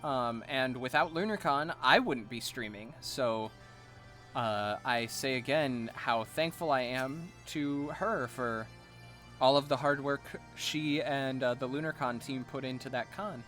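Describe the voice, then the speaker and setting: A man chatting casually while streaming a game, chatty and excitable. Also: mid-range voice, unhurried, faint music behind.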